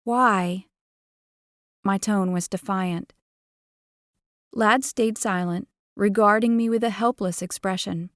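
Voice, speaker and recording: A woman narrating a first-person romance audiobook in an expressive, playful way, on a close studio mic. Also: mid-range voice, a little slow, no echo.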